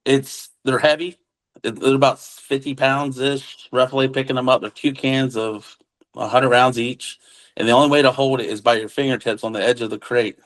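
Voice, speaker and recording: A man's voice: mid-range voice, normal speed, poor audio. Man casually recounting a tale. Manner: acts out quoted dialogue, relaxed military slang. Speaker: witness recounting an encounter. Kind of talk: casual spoken storytelling.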